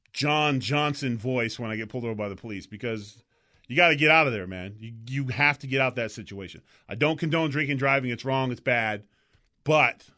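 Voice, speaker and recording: Bright-voiced man telling loose stories. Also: mid-range voice. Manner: animated, rambling anecdotes; slips into mock voices. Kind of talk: casual storytelling chat.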